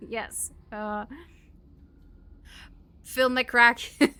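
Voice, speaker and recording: A woman's voice: fairly high pitch, steady tone, drawn-out words, pauses often, pushed and bright, dry recording. A woman live streamer chatting casually with her viewers while gaming, giggly and chatty as she thanks them and reacts to chat.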